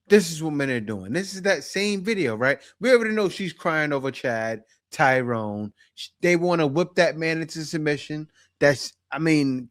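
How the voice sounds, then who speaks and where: High-voiced, slow-talking male commentator. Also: fairly bright tone. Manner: emphatic, repetitive, addresses viewers directly. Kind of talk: reaction commentary.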